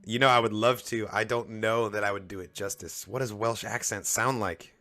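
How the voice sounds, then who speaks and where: A man's voice: lowish voice, steady tone, normal speed, bright, forceful tone, faint music behind. A man chatting casually on a live stream as he reads comics aloud, dropping "like" often.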